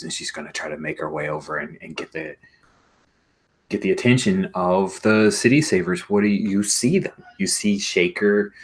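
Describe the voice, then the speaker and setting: A man running a tabletop game as game master, narrating in a rambling, animated way. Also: sits low.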